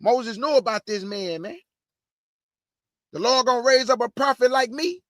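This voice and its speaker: Fiery high-voiced preacher, slangy and loud. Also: male voice, normal speed, no echo, studio quality. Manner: animated, shouting bursts, slangy asides. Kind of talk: energetic street-style Bible preaching.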